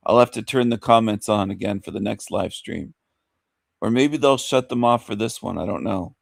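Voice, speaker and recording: A man's voice: fairly low pitch, gravelly, no room sound, clean studio sound. A man hosting a live stream in casual chat, repeating his greetings over and over and coaxing silent viewers to speak up. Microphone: desk mic.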